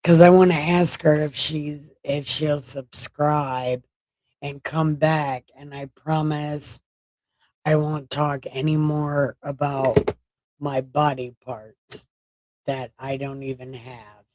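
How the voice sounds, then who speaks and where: A woman's voice: sits low, steady tone, slow pace, a little mellow, no room sound. A tired woman hosting a late-night livestream, rambling and joking as she chats with her viewers. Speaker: livestream host.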